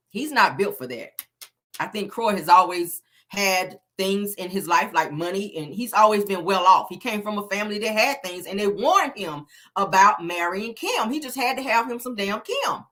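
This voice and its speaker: Woman w/ aave doing gossip commentary, bright sharp voice, blunt + opinionated, cusses a lot. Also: mid-range voice. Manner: blunt, opinionated, swears freely, emphatic. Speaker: entertainment commentary host.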